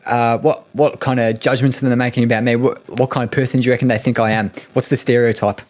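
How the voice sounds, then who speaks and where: Easygoing Australian podcast host. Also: male voice, mid-range voice, little pitch movement, quick pace, darkish tone. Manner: easygoing, chatty, hesitant fillers. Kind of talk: casual podcast hosting.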